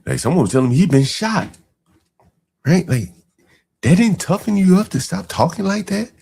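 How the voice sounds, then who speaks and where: A podcast host with a deep, gravelly voice reacts to clips, mocking them casually with incredulous asides and lots of filler words. He speaks at a moderate pace in a warm, sing-song way.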